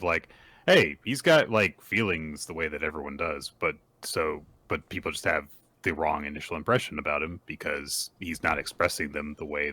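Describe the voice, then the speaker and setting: Male podcast co-host, extremely low but bright, laid-back, filler-heavy delivery. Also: no echo. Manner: relaxed commentary with frequent fillers. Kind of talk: casual podcast chat.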